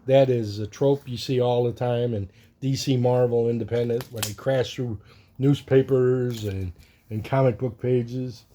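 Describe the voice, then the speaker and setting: A man talks through his sketches and comic books in a relaxed, rambling way. His voice is warm and mellow, sitting in an ordinary middle register. He chuckles now and then as he goes. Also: mid-range voice, measured pace, a little hiss or hum. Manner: rambling, chuckling, reads cartoon captions in silly voices. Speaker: comic collector vlogger. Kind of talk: casual chat showing artwork and comics.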